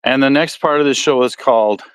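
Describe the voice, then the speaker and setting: A man's voice: medium pitch, a little fast, a bit bright, smooth, no room sound. Folksy Midwestern man with a dry sound. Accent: Midwestern American. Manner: rambling, self-correcting, folksy. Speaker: podcast host. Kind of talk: casual solo podcast talk.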